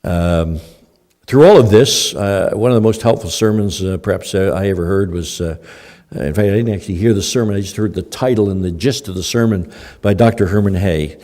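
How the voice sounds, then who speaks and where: A man's voice: sits low, fairly quick, warm tone. An older man preaching a sermon in a conversational way, with many fillers and restarts. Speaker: pastor. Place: church hall. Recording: long hall reverb.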